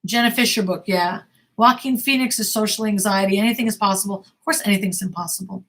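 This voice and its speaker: A woman's voice: medium pitch, brisk, fairly bright tone. A middle-aged woman acting coach answering viewer questions in a blunt, emphatic way, often repeating herself.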